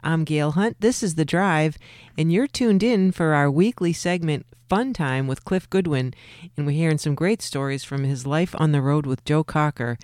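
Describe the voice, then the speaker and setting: A woman's voice: low-pitched, moderate pace, no room sound, studio quality. A woman radio host reading station announcements and introducing a weekly segment. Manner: even, scripted station patter.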